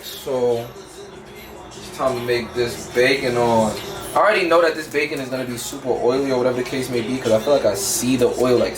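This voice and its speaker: A young man cooking in his home kitchen and talking to viewers, quick and slangy, often asking "you feel me". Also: medium pitch, noisy background. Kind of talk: casual cooking vlog.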